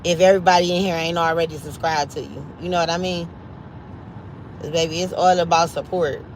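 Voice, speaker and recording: This livestream host, a Cleveland woman from the US Midwest, broadcasts from home in a fairly low, steady voice, talking a little fast. She's chatty and upbeat, telling viewers to subscribe to friends' channels. The recording is low quality, with slight background noise.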